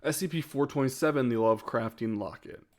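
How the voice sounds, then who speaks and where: A man talks loosely on a live stream, working through a ranking of his own videos. He hesitates and restarts often, breaking into short laughs, and his voice sits at an ordinary middle pitch. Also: brisk, darkish tone. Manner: rambling and hesitant, with frequent laughs. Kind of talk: casual live-stream chat.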